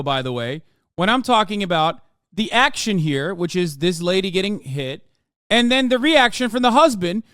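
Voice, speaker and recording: A man's voice: high voice, pushed and bright, clear, resonant tone, no echo, clean studio sound. A man in his thirties hosting a live stream, reacting to a video and ranting to his chat in heated, profane outbursts. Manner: talks straight to his chat. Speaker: livestream host.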